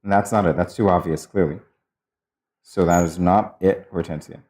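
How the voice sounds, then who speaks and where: A man with a notably deep, low voice co-hosting a morning show. He keeps the banter loose and easygoing, laughing as he talks. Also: steady tone, moderate pace, a little mellow. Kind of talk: casual studio banter.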